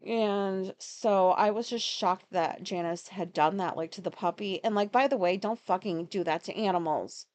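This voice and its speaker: A woman's voice: mid-range voice, moderate pace, hardly any pauses, a little mellow. A woman hosting a podcast, talking through her day in a rambling, casual monologue full of fillers and swearing. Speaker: podcast host.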